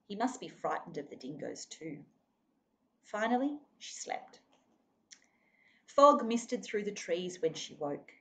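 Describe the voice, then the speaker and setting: A woman's voice: mid-range voice, big pitch swings, slow, long pauses, fairly bright tone, slight background noise. A woman reading a children's novel aloud expressively, now and then speaking to her listeners. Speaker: reader.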